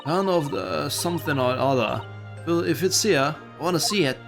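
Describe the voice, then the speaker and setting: A man voicing a blunt, defiant young street girl from London, with a put-on working-class English accent and rough, slangy speech. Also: on the high side, fairly quick, fairly bright tone, soft background music. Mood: pleading.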